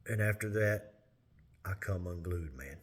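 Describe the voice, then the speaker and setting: A man telling a personal testimony in an earnest, plain-spoken way with halting pauses. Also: low-pitched, husky. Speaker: lay minister sharing testimony.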